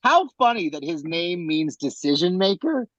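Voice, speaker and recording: A man co-hosting a casual podcast, animated and rambling, with a fairly high voice and frequent swearing. His voice sounds dry and a little dull. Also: normal speed, no echo. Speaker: podcast co-host.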